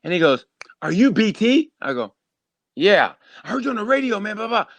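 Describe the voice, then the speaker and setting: A man, a guest comedian, chatting casually on a podcast with high, animated energy, telling stories. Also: brisk, no room sound.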